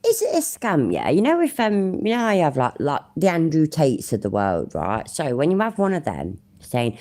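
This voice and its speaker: Low, lively woman commentating. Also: moderate pace, hardly any pauses. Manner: blunt, swears casually, animated asides. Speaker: channel host reacting to a clip. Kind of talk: casual commentary.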